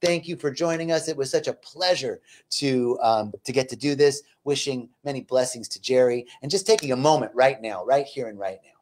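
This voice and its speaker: A man's voice: mid-range voice, brisk, hardly any pauses, a little mellow. A man giving an inspirational spiritual talk, then leading a guided gratitude meditation with fervent, repeated affirmations. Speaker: spiritual teacher. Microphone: livestream.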